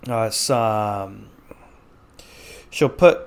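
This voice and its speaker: A man's voice: mid-range voice, moderate pace. A man chatting as a podcast guest in an easygoing, agreeable way, often saying "you know". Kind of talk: casual conversation.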